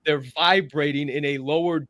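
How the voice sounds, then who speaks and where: Male podcast co-host, bright forceful voice, blunt and profane, dry close sound. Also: a little high, steady tone, moderate pace, no room sound. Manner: emphatic, swears freely, laughs often. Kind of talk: casual chat.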